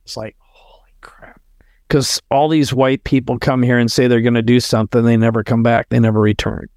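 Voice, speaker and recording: A man's voice: mid-range voice, level tone, brisk, darkish tone, no echo, clean studio sound. A middle-aged man, a guest entrepreneur on a podcast, telling a story in an earnest, heartfelt way and acting out the dialogue. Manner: earnest, heartfelt, tells stories with quoted dialogue. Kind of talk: conversational storytelling.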